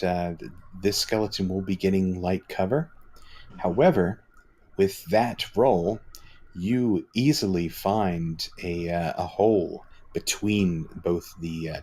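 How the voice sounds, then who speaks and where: Man, very deep voice, dungeon master, laid-back narration, um and uh. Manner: relaxed, descriptive narration with fillers. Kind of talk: narrating a tabletop game.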